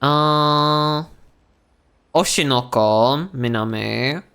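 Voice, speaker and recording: A man's voice: on the high side, drawn-out words, bright, forceful tone, clear, resonant tone. A young man chatting casually while streaming a game, rambling with lots of fillers and restarts. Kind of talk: casual chat while gaming.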